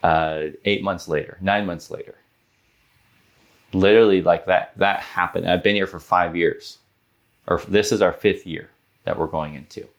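A man in his thirties, a podcast guest telling a personal story in an earnest, animated way, with many fillers like "like". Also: deep voice, moderate pace. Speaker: guest, business owner.

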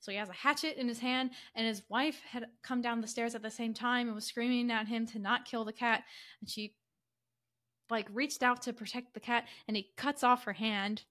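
A woman podcast co-host casually retelling a story, animated and full of fillers, acting out characters' lines in quick quoted voices. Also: fairly high pitch. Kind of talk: casual chatty story summary.

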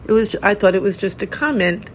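An older woman, a Zen teacher hosting her own podcast, giving a reflective talk in a gentle, unhurried way with soft laughs. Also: mid-range voice, slight background noise, low-quality recording.

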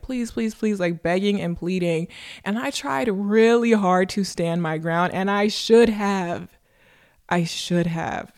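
A woman's voice: fairly low pitch, no echo, studio quality. A young woman hosting a show, telling a personal story in a candid, emphatic way and repeating points for stress. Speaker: podcast host. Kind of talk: casual storytelling monologue.

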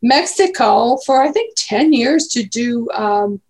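A woman's voice: on the high side, expressive, slow, darkish tone. A woman in her eighties, chatting casually as an interview guest and telling rambling stories. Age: 80s. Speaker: guest grandmother.

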